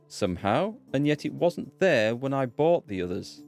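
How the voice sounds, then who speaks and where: A man's voice: mid-range voice, very animated, moderate pace, creaky, a little mellow, soft background music. A man with a North Yorkshire accent giving chatty live-stream commentary on a game and answering viewers' chat. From North Yorkshire, England. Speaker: let's play streamer.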